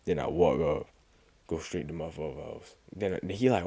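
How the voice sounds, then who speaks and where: Young guy talking aave slang, retelling a crazy dream story, low voice, pops up high on the quotes, dry close mic. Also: unhurried, no room sound. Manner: animated, acts out quoted lines in a raised voice. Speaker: gaming YouTuber. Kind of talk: casual storytime recap.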